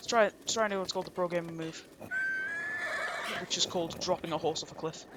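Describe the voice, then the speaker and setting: A man's voice: a little high, steady tone, fast, background noise. A man with an English accent giving casual, rambling, jokey commentary over a game playthrough. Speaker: gameplay streamer. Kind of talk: casual let's-play commentary.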